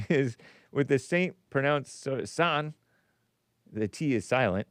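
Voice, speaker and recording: Man, talk show host, reads viewer messages aloud, jokey, smooth clear voice, dry studio sound. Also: mid-range voice, takes it slowly, pauses often, no room sound. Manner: joking, chuckles while talking. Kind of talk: casual call-in show chat, reading viewer messages aloud.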